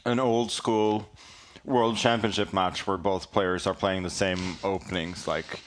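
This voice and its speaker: A man's voice: low-pitched, fairly even intonation, unhurried, slight background noise. Laid-back man commentating chess. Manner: laid-back, dry, with frequent fillers and quoted asides. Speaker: guest commentator. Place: studio.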